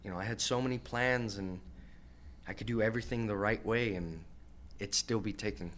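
A young professional fighter, a man, telling stories from his career in a casual podcast interview, animated and swearing, acting out the voices of the people he quotes. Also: on the low side, moderate pace, a little hiss or hum. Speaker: professional MMA fighter guest.

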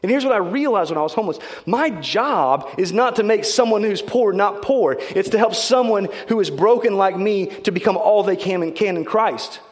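A male pastor preaching in a casual, storytelling way, animated and self-deprecating. His voice sits a little higher than most men's. It carries a long reverb from a church hall. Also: normal speed, few pauses. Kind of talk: sermon storytelling.

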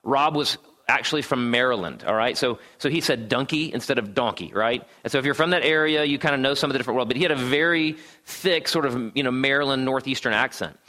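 A man's voice: mid-range voice, fast talker, pushed and bright. A man preaching a sermon to a room in a conversational way, often checking in with "right?" and adding wry asides. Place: church gathering room.

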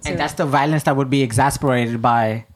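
A man joining a podcast discussion, calm and measured. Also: medium pitch. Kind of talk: casual discussion.

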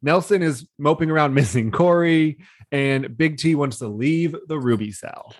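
A man's voice: a little high, normal speed, no room sound. Chatty young man recapping shows, dry sound. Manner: chatty, laughs often, acts out quoted lines. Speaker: podcast co-host. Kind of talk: casual chat recapping reality TV.

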